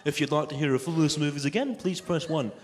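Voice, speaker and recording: A Scottish man imitating a polite automated ticket booking line, speaking slowly and over-enunciating. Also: fairly high pitch, natural voice. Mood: robotic.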